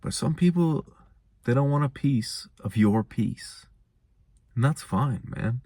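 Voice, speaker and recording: A man's voice: mid-range voice, expressive, slow, warm tone, dry recording. A young man hosting his own show, musing in a laid-back, rambling way. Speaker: host. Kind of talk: casual monologue.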